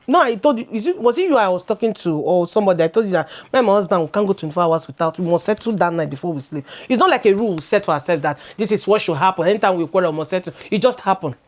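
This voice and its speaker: A woman's voice: lowish voice, lively intonation, very fast, few pauses. A woman in her thirties with a Nigerian accent, co-hosting a casual chat and sharing her views animatedly, slipping into Pidgin and repeating words as she goes. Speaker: co-host.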